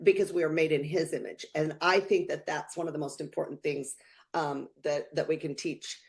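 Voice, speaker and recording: A woman's voice: deep voice, fairly even intonation, moderate pace, gravelly. A woman co-hosting a motivational podcast, speaking earnestly and from the heart, with many fillers. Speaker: podcast co-host. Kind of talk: casual motivational chat.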